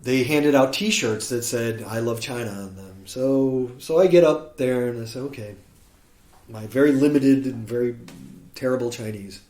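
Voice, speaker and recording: A man from Chicago tells a long story as a podcast guest, slipping into the voices of the people in it. His pitch is mid-range for a man. The recording has a roomy echo. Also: normal speed. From Chicago, USA. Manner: animated storyteller who acts out quoted speech. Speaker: guest musician.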